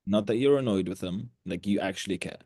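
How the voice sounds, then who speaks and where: A man's voice: low-pitched, mellow, breathy edge, dry recording, studio quality. A man coaching trainees over a video call, blunt and direct as he runs role-play drills. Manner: blunt, direct, quick to cut in. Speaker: sales coach.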